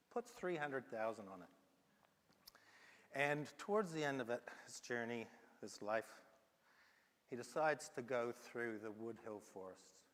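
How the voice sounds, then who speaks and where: A man with a New Zealand accent preaching a sermon, telling a story and acting out its dialogue, with many ums. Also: mid-range voice. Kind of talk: sermon with a told allegory. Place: church hall. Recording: long hall reverb from live stream.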